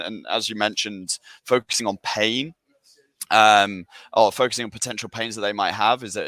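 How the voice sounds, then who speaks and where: A man's voice: on the low side, pushed and bright, dry recording. A man co-hosting a sales webinar Q&A, talking casually and enthusiastically with lots of fillers and restarts.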